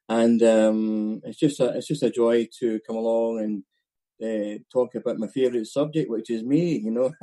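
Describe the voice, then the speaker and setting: A middle-aged man from Glasgow with a Glaswegian Scottish accent, giving a personal testimony as guest speaker at a recovery meeting in a candid, halting way with many ums and restarts. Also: mid-range voice, dark tone, rough recording. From Scotland.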